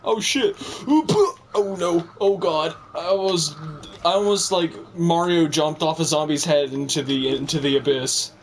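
A man's voice: fairly high pitch, steady tone, a little slow, few pauses, slight background noise. A young man recording a co-op game session, rambling casually and laughing a lot. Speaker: gamer recording the video. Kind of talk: casual co-op gaming chat.

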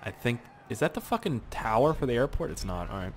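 Excitable young man narrating his gameplay. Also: medium pitch, brisk, slight background noise. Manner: excitable and profane, frequent exclamations and laughs. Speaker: gameplay commentator. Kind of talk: casual gameplay commentary.

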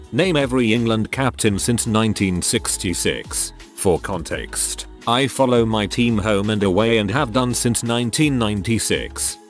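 Man, low voice, lively intonation, reading stories aloud, faint music behind. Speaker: narrator.

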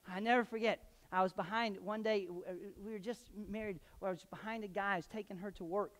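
Animated pastor preaching in a reverberant church. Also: male voice, sits high, fast. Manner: animated storyteller, bursts of loud emphasis. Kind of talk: sermon with personal stories. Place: church sanctuary. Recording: long hall reverb.

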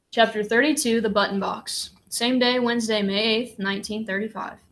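A woman reading a novel aloud in a measured, gentle way. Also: fairly high pitch, fairly even intonation, slight background noise. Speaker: audiobook reader.

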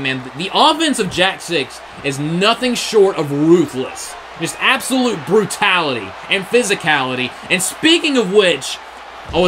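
A man giving excited play-by-play wrestling commentary, often shouting in disbelief, his voice getting strained. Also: high voice, slight background noise, poor audio.

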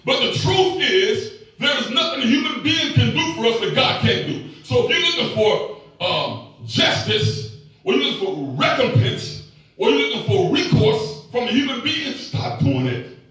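A man in his fifties preaching a sermon, telling a personal story in a folksy, emphatic way with sudden shouts. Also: very high-pitched, sing-song, moderate pace, faint music behind. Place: large echoey church hall. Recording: echoey hall, voice from far off.

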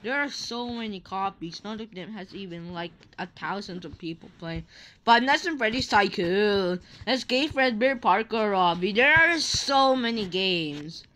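A woman's voice: medium pitch, lively intonation, a little slow, fairly bright tone. A young woman giving playful, teasing commentary while playing an online game, laughing often. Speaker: gaming channel host. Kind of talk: Roblox gameplay commentary.

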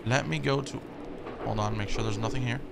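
A man's voice: medium pitch, fairly even intonation, fairly quick, gravelly, very noisy. A man hosting a horror game playthrough, chatting casually, jumpy, swearing and talking back to the characters. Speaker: gaming video host.

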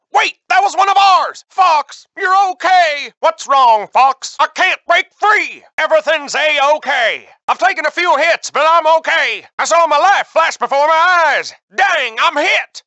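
A man's voice: very high voice, pushed and bright, no echo, exaggerated voice. An actor playing an older male hare pilot who mentors his wingman, barking short combat callouts and advice in a video game.

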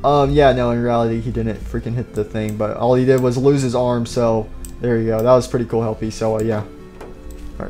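A young man talks through a sandbox game as the channel's host, rambling and joking as he goes. His voice is mellow and darkish, and he often slips into mock-solemn speeches full of fake grief. Soft music plays underneath. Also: mid-range voice, steady tone, normal speed. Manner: jokey, rambling, mock-mournful. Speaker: gaming YouTuber. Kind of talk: gameplay commentary.

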